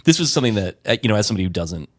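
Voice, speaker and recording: A man with a fairly low voice tells wry, rambling stories in a casual roundtable. His pitch moves around a lot as he talks. The sound is dry and close to the mic. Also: very animated, very fast, no room sound. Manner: wry, rambling storyteller with playful quoted voices. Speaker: guest.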